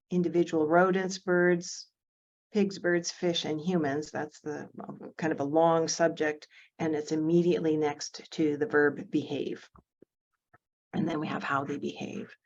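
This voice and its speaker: Low-voiced woman teaching a writing workshop. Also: gravelly, dull audio. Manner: measured, explains step by step with fillers.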